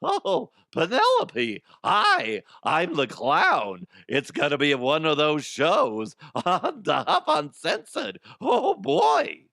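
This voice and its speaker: A man's voice: on the high side, wildly swooping pitch, takes it slowly, creaky, hardly any pauses, pushed and bright, dry recording, clean studio sound, voice pushed up, full character voice. A man voicing a goofy, cheerful male clown in an exaggerated singsong way.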